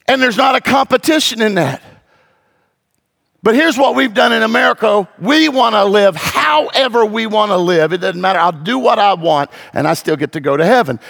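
A middle-aged man preaching a sermon as pastor, with rising emphatic bursts and a gravelly voice. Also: very high-pitched, a bit bright.

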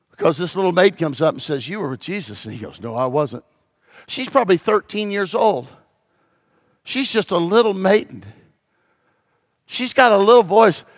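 High-voiced pastor preaching with sweeping dynamics. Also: male voice. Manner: dramatic, swings from hushed to shouting. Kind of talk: sermon. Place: church.

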